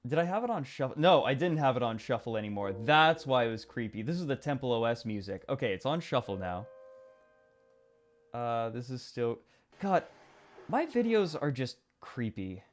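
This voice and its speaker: A man's voice: medium pitch, big pitch swings, moderate pace. A man hosting a casual livestream, rambling and chatty and laughing often. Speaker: stream host. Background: faint music.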